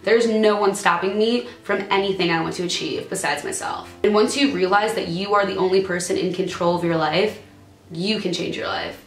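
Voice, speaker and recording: A woman's voice: mid-range voice, moderate pace, reverberant. A young woman vlogging about her own past, earnest and fighting back tears as she reads and talks to her viewers. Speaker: YouTuber. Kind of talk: emotional personal vlog. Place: room at a computer or camera.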